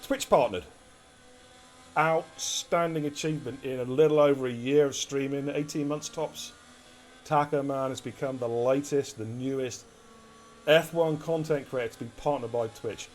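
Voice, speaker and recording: A man with an English accent giving lively, chatty live commentary on an esports race and talking to his chat as he goes. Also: mid-range voice, moderate pace, a little hiss or hum. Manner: energetic, chatty, addresses chat directly.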